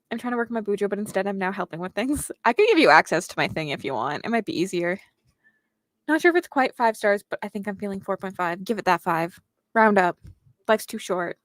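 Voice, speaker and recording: A woman's voice: mid-range voice, fairly bright tone, no room sound. A young woman hosting a casual reading livestream, reading viewer comments aloud and chatting back to them. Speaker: booktuber host reading chat aloud.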